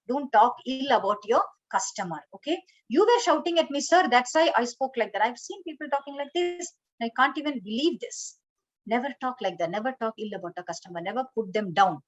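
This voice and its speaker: A woman's voice: a little high, highs cut off. A woman teaching an online training session, instructive, often saying "okay" and "you know". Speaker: corporate trainer.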